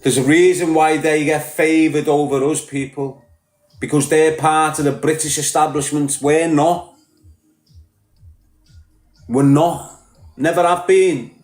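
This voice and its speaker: A man's voice: a little high, fairly even intonation, unhurried, long pauses, darkish tone, echoey room, faint music behind. A man with a Liverpool accent ranting bluntly on a podcast, combative and full of swearing. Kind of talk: heated podcast rant.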